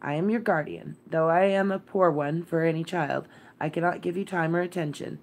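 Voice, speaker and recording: A woman voicing a melancholy, fretful gentleman who speaks in a worried, absent-minded way. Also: lowish voice, fairly even intonation, moderate pace.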